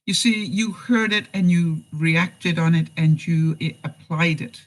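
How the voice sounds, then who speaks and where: Fairly low in pitch and fairly even in intonation, this middle-aged woman speaks at a measured pace on a rough recording. During a live-stream chat she reads viewer comments, gives life advice and tells stories, acting out what people said and laughing often.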